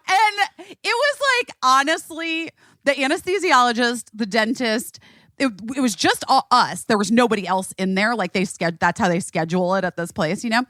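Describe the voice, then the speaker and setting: A middle-aged woman hosting a podcast, telling a story in casual chat, animated and swearing freely. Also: fairly high pitch, normal speed, no echo, studio quality. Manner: animated, swearing, acts out quotes. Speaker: podcast host.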